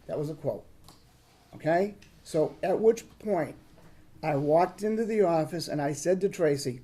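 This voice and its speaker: A man's voice: a little high, normal speed, warm tone. A man on a town board giving an unscripted, rambling account of events in his own defense, often asking "okay?" and retelling conversations. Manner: rambling, repeats "okay?", retells quoted exchanges. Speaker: board member defending himself. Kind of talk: unscripted account at a public meeting. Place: town board meeting room.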